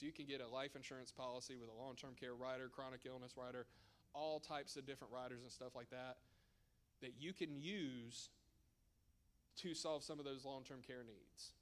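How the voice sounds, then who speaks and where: A man presenting at a church seminar as a financial advisor, conversational and emphatic with joking asides. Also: medium pitch.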